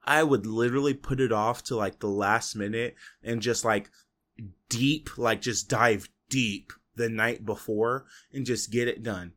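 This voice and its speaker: A man's voice: mid-range voice, steady tone, a little slow, a bit bright. A young man hosting a solo podcast, talking in a casual, rambling way full of "like" and "you know". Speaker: podcast host.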